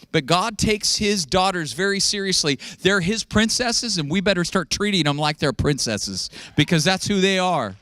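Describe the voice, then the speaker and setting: A man's voice: fairly high pitch, fairly bright tone, no echo, studio quality. A man preaching a sermon as pastor, joking with the congregation and acting out quotes in a raised voice.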